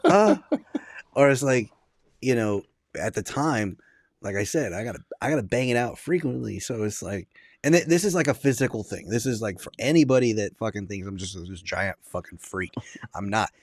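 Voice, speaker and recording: A man's voice: fairly low pitch, animated, normal speed, dry recording, studio quality. A man talking as a podcast guest, blunt and profane, rambling in casual chat.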